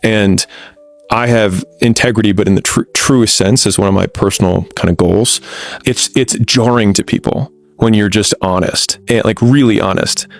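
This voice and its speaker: Low gravelly man talking bluntly. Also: normal speed, faint music behind. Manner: blunt, frank, with frequent restarts. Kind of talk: candid conversational storytelling.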